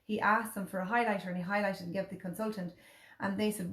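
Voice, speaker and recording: A woman's voice: mid-range voice, steady tone, fast talker, fairly bright tone. Irish woman telling a story in an echoey room. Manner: chatty storytelling, acts out quotes from others. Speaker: host. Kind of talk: casual chat.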